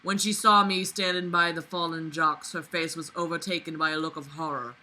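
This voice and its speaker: A woman with a very bright, cutting voice reads a novel aloud. She keeps stopping to mock it with sarcastic asides and plenty of swearing. She sounds exasperated with what she is reading. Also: deep voice, fairly even intonation, a little fast, rough recording. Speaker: reader of a novel.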